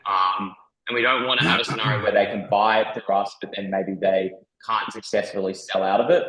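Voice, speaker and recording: A man answering a host's questions as a guest, explaining carefully with many pauses and ums. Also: fairly low pitch, steady tone, bright, forceful tone, reverberant, low-quality recording. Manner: measured, many ums and restarts. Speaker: guest from a crypto broker. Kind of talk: explaining in an interview.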